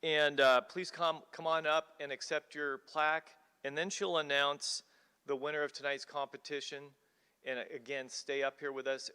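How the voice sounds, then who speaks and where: A man's voice: medium pitch, bright, forceful tone, clear, resonant tone. A man organizing an awards ceremony, casual and self-deprecating as he thanks helpers and makes announcements. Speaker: event organizer, emcee. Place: college auditorium. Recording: hall reverb.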